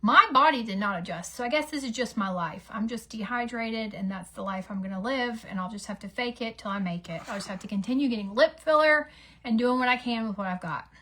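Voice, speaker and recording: Casting: woman in her thirties, self-mocking beauty vlogger, a touch high-pitched. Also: a little fast, fairly bright tone. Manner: chatty, self-mocking, drops into whispers for asides. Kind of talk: casual get-ready-with-me chat.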